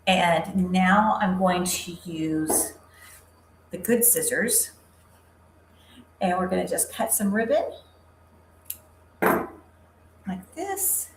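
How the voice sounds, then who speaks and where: A woman's voice: lowish voice, lively intonation, drawn-out words, pauses often, roomy sound, a little hiss or hum, poor audio. A woman hosting a live craft demo, chatting upbeat with viewers by name while she works. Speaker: craft livestream host.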